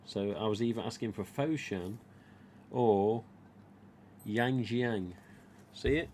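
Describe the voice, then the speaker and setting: A man's voice: lowish voice, takes it slowly, darkish tone, slight background noise. Chatty English Midlands man livestreaming. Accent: English East Midlands. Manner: chatty, rambling, retells dialogue. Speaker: live stream host, mask collector. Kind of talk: casual live stream chat.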